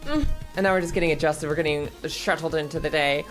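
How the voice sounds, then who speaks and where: A woman streaming and chatting casually, her voice a bit hoarse and scratchy, laughing often and rambling. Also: sits low, fast talker, faint music behind. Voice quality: scratchy throat.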